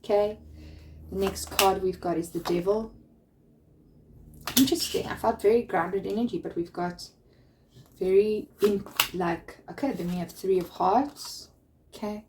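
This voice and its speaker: A young woman gives a tarot reading in a soft, soothing voice. She speaks gently and unhurriedly, and often trips and restarts her sentences as she thinks aloud. Her pitch sits in the middle for a woman. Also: a little slow, long pauses, background noise. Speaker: tarot reader.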